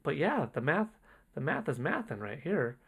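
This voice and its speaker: A man hosting a casual livestream, reading out donations in an excitable, rambling way and often exclaiming. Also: on the high side, moderate pace, creaky, husky. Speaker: livestream host.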